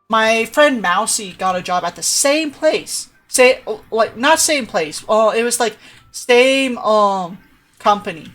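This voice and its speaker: A woman's voice: a little high, animated, slow, fairly bright tone, soft background music. A woman livestreamer telling a story in casual chat, laughing often and acting out the voices of the people she quotes.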